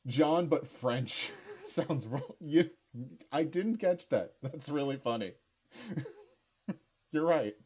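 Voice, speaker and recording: Chatty young man with a lively voice. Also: a little high, slightly rough. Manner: chatty, stammers and restarts, laughs easily. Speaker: creator rewatching his own series. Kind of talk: casual rewatch commentary.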